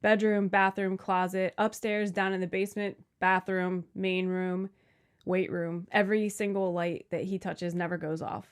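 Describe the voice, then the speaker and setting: A woman's voice: fairly low pitch, level tone, smooth. A woman in her forties co-hosting a podcast in casual chat, teasing her partner and laughing at herself. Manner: teasing, self-deprecating, quick to laugh. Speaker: podcast co-host.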